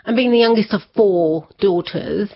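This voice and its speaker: A woman's voice: medium pitch, moderate pace, husky, dry recording. A woman guest in an interview, telling a personal family story in a chatty way and laughing often. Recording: slightly dull lo-fi sound.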